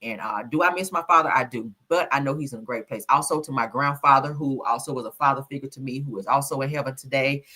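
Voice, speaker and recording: A woman's voice: a bass voice, quick pace, hardly any pauses, bright, forceful tone. A woman hosting a casual gossip livestream, sassy and full of laughter, calling her viewers honey and child.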